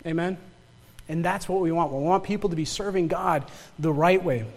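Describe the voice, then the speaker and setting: Emphatic Yooper-accented pastor in a reverberant hall. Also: male voice, a little high, moderate pace. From northern Michigan. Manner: emphatic preaching with rhetorical questions and repeated words. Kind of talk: sermon.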